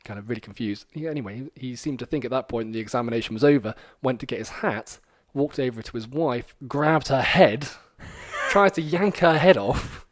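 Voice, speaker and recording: A man hosting a podcast, telling a story in a rambling, animated way with lots of fillers. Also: medium pitch, normal speed, few pauses, dry recording. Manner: rambling and animated, many fillers, acts out quoted lines. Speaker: podcast host.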